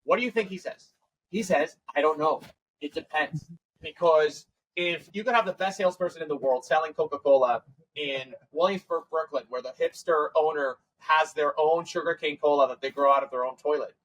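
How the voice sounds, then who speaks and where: Man, podcast guest, lively storyteller, fairly high voice, acts out the dialogue. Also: rough recording. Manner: animated storyteller acting out quoted dialogue; fast, run-on phrasing with restarts. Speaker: tech company CEO, podcast guest. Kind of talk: storytelling in a casual podcast interview.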